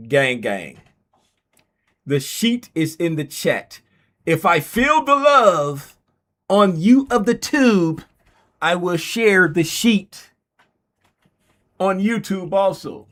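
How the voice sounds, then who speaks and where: A man hosting a casual trading livestream, talking through charts in a playful, drawn-out way. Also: sits high, sing-song, fairly bright tone. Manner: playful, drawn-out, sing-song delivery.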